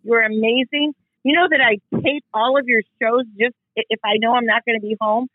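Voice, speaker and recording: A woman's voice: fairly high pitch, steady tone, brisk, no room sound. A woman calling in by phone as a guest's mother, gushing and effusive with lots of fillers, heard over a dull line. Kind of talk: phone call into a podcast.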